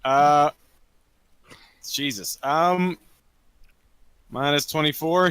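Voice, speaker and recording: A young man running a tabletop game as game master, halting with many ums and casual swearing. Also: fairly high pitch, sing-song, sharp tone, dry recording. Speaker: dungeon master.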